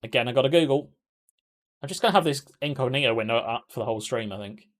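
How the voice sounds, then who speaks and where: A man's voice: medium pitch, fast talker. Chatty man streaming live. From England. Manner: chatty, laughs often, reacts to chat. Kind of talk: casual live-stream chat.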